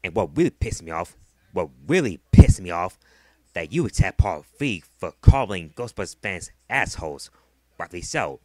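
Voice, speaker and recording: Profane, heated man ranting, lively pitch. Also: no echo. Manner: heated, profane, repeats himself. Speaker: vlogger. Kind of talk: angry ranting vlog.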